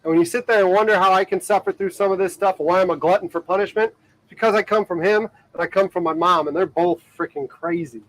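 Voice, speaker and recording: A man with a rather high voice talks to his live-stream viewers from the deck of a boat. He is from Ohio and speaks loosely, with plenty of fillers and easy laughter. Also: fast talker, fairly bright tone, low-quality recording. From Ohio, USA. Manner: rambling, filler-heavy talk with many "like"s and frequent laughter. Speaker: livestreaming boat vlogger. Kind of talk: casual live-stream chat. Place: outdoors on a boat on the water.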